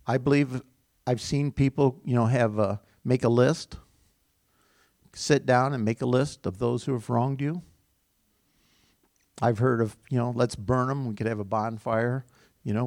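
A man's voice: mid-range voice, darkish tone, no room sound, studio quality. A middle-aged man, a pastor, giving an informal sermon in a conversational, rambling storytelling way with small chuckles.

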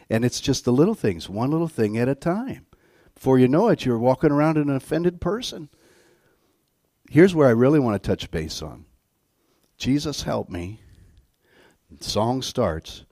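A man preaching a sermon as a guest pastor, telling stories and swinging from quiet asides to loud outbursts. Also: mid-range voice, dry recording, clean studio sound. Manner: animated storytelling, swings from soft to loud.

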